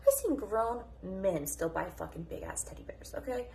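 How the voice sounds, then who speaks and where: A fired-up woman on a freewheeling vlog rant, swearing freely and hopping from one topic to the next. Her voice sits at an ordinary middle pitch, and her delivery is blunt and combative. A faint noise runs underneath. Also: lively intonation, normal speed, mellow. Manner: passionate, profane, jumps between topics. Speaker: mom vlogger. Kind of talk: unscripted morning rant.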